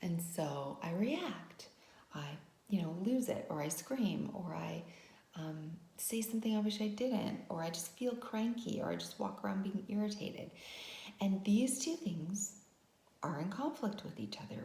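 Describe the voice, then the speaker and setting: A woman's voice: medium pitch, gravelly, mellow, roomy sound. A woman vlogger telling a personal story as a lesson, talking conversationally with frequent "right?" asides. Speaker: wellness vlogger.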